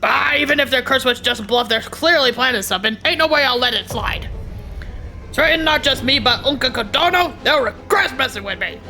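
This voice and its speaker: A woman voicing a stubborn, hot-tempered old island man with a gruff folksy drawl while reading game dialogue aloud. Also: high voice, expressive, brisk, sharp tone, faint music behind, voice pushed up, heavily acted.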